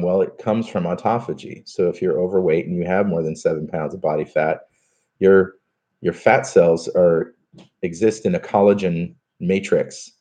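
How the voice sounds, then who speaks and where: A podcast host doing a live stream chats casually and reads out viewer comments, with lots of fillers and restarts. His voice is low-pitched with a dark tone.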